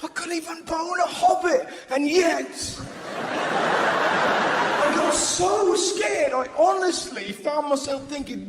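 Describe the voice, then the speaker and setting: A man performing a live stand-up set, animated and acting out voices as he shouts his punchlines. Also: extremely high pitch, slow pace, heavy background noise. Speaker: stand-up comedian. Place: large live venue stage. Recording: roomy live venue with loud ambience.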